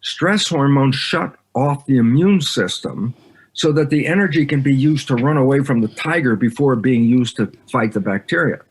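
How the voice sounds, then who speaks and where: A man's voice: medium pitch, moderate pace, slightly rough. A man giving an interview, explaining ideas emphatically and acting out both sides of conversations as he tells stories. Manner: animated storyteller who acts out both sides of conversations. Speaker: guest speaker. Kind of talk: interview talk.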